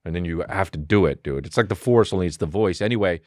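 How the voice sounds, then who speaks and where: A man hosting a podcast, riffing in a rambling comic monologue, excitable and profane, with quick acted asides. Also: sits low, no echo, clean studio sound. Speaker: podcast host.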